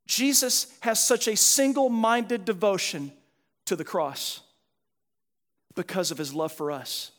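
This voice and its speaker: Male pastor, high-pitched, earnest sermon delivery that drops to soft reflection, reverberant hall. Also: slow pace. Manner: earnest, moves from animated emphasis to quiet, soft reflection.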